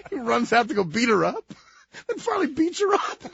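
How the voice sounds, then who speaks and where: A man co-hosting a radio talk show, telling stories in a casual, animated way and laughing as he goes. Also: very high-pitched, slow, gravelly, long pauses, dull audio. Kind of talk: casual storytelling.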